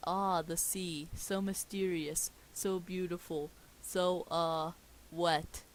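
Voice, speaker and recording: A woman reading out a male documentary narrator, lingering slowly over each phrase. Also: fairly low pitch, flat delivery, rough recording. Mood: dreamy. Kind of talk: script read-aloud in character.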